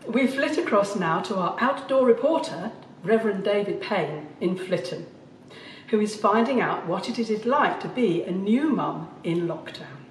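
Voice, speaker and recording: A woman narrating a dramatised church reading in a clear, measured storytelling manner. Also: mid-range voice, animated, a little hiss or hum. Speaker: narrator, worship leader. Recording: echoey church heard from far off.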